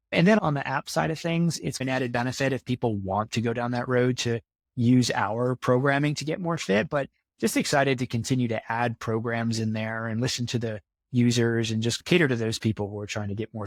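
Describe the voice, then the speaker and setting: A man in his own plain voice, speaking at a middle pitch for a man. He talks earnestly and with a motivational push, often repeating a point to drive it home. The sound is dry and close, with no room around it. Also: no echo. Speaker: podcast guest. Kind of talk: casual interview talk.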